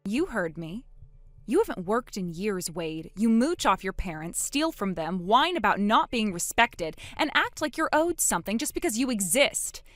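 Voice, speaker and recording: A woman narrating a text message story in a sharp, sarcastic tone. Her pitch moves in a lively way as she fires back. The voice sounds dry and close, with faint music underneath. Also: normal speed, dry recording.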